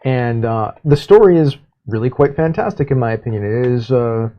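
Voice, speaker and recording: A man's voice: medium pitch, expressive, normal speed. A man hosting a podcast in casual chat, rambling easily with fillers. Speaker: podcast host. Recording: dull lo-fi sound.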